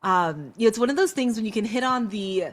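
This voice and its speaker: A woman's voice: fairly high pitch, animated, fast talker. A woman hosting an interview in a club, upbeat and encouraging toward her guest. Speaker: interview host. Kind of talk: casual interview chat. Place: club venue indoors.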